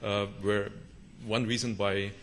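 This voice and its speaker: German-accented male presenter, monotone, faint hiss behind. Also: on the low side, slow pace. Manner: hesitant, many fillers and restarts. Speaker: conference speaker. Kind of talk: conference presentation.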